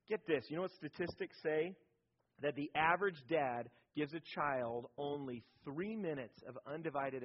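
Husky man preaching, lo-fi. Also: on the high side. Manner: conversational storytelling, keeps asking the audience "right?". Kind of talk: sermon on parenting. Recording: dull lo-fi recording.

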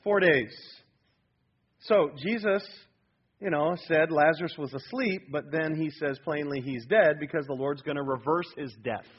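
Male pastor, fairly high husky voice, emphatic animated sermon, dull lo-fi recording. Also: measured pace. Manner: animated, emphatic preaching that prompts the congregation.

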